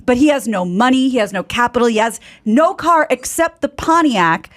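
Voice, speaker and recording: A woman co-hosting a casual comedy chat, telling stories playfully with quick interjections. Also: on the high side, expressive, a bit bright.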